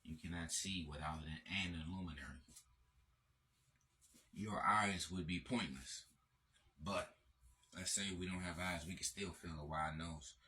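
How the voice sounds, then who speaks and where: Male host, very deep and forceful, repetitive profane lecture style. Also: steady tone, unhurried, long pauses. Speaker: channel host. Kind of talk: lecturing monologue.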